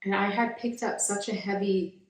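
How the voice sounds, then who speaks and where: A woman co-hosting a casual podcast chat, quick to agree and laugh. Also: medium pitch, level tone. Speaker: podcast co-host. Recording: echoey room.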